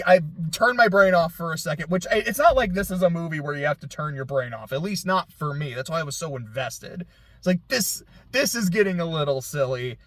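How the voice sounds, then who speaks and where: A young man rambles through his reaction to a film, candid and loose, often breaking into laughter and letting out the odd curse. His voice sits a little high for a man, and it is recorded dry and close. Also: a bit bright, no room sound. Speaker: film reviewer. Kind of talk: casual movie reaction vlog.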